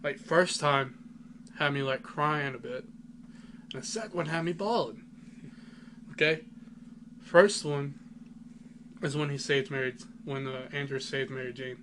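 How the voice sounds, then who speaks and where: A man chats on a casual podcast, rambling and enthusiastic, with plenty of "like" in his speech. His pitch sits mid-range for a man. A steady hiss sits under the recording. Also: unhurried, pauses often. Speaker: podcast co-host. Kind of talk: casual chat. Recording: noisy home recording.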